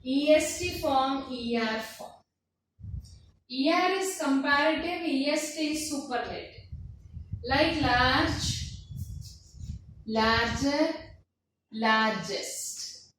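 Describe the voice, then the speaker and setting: A woman teaches grammar in a high voice, slowly, drawing words out to show their syllables. She sounds a little away from the mic, in a very echoey room with faint background noise. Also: a bit bright, recorded from a distance. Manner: slow, deliberate, stretches words to show syllables. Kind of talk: classroom grammar lesson.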